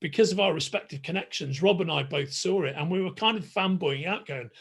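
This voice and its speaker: Man, host, excitable, chatty, husky voice, fairly high pitch. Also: a little fast. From Liverpool, England. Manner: excitable, talkative, restarts often. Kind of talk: enthusiastic casual interview chat.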